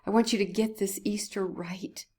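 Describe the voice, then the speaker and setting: A woman's voice: medium pitch, fairly even intonation, moderate pace, a little mellow. A woman giving a heartfelt devotional talk at church, emotional and often dropping to a whisper. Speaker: church speaker.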